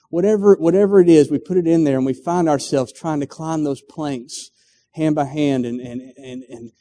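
A warm, rather high male voice belongs to a middle-aged pastor giving a sermon. He narrates a story full of performed quotes and faltering restarts, and the recording carries long hall reverb.

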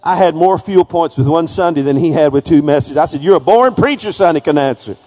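A male preacher giving a folksy sermon that builds to fervent, shouted praise. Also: a little high, fairly quick, big-room sound.

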